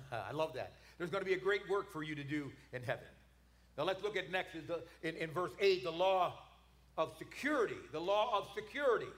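A man's voice: on the high side, lively intonation, normal speed, a bit bright, reverberant. A man preaching a sermon, emphatic, repeating words and calling for responses from the congregation.

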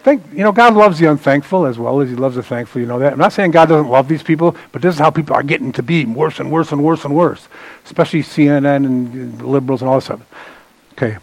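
Animated, chatty male preacher. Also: a little high, fast, vocal fry, no echo, low-quality recording. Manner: conversational and digressive, banters with the congregation; animated, swings between loud emphasis and dropped asides. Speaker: pastor. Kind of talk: sermon.

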